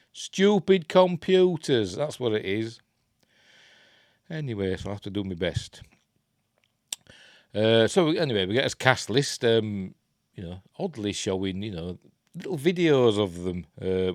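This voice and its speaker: A man's voice: on the low side, no room sound, clean studio sound. A man with a Yorkshire accent reviewing films at home in a rambling, self-deprecating way, muttering to himself. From Yorkshire, England. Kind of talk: casual film review chat.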